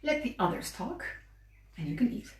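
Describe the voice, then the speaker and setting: A woman's voice: fairly high pitch, very animated, moderate pace, darkish tone, a little hiss or hum. A woman hosting a live cooking demonstration. She explains patiently and talks as she works with her hands. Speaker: cooking show host. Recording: roomy, distant mic with faint ambience.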